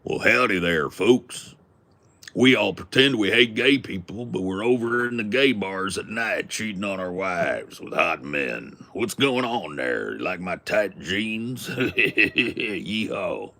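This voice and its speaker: A loud, drawling Texan cowboy full of swagger, played by a man. The put-on accent is broad and mocking. The gravelly voice moves slowly. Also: on the low side, lively intonation, exaggerated voice. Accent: put-on Texas drawl.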